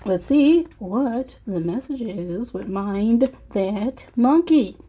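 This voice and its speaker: Slow, mellow-voiced woman tarot reader. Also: fairly high pitch, expressive, breathy edge. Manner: reflective, talks straight to the viewer, sighs and soft asides. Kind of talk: collective tarot and oracle card reading.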